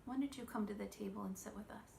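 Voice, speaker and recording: A woman in her thirties giving a children's church lesson, gentle and expressive, asking the children questions. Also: mid-range voice, fast, gravelly, a little hiss or hum.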